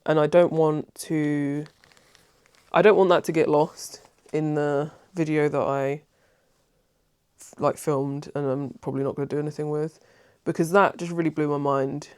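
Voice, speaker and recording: A woman's voice: deep voice, darkish tone, dry recording. A woman vlogging at home in a casual, rambling chat, emotional and easily moved, often breaking off and restarting. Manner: rambling and self-interrupting. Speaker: craft vlogger.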